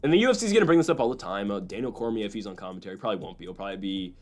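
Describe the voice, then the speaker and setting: A man's voice: lowish voice, lively intonation, a little mellow, soft background music. A young man casually hosting fight predictions, rambling with lots of fillers and side jokes. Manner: rambling, fast, full of fillers and asides. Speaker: host making fight predictions. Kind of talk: casual commentary.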